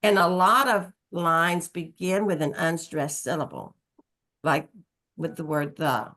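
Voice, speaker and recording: A woman who writes children's books, sharing practical writing tips in a calm, steady way on a video call. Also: low-pitched, measured pace. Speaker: guest children's author. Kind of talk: casual group chat on a video call.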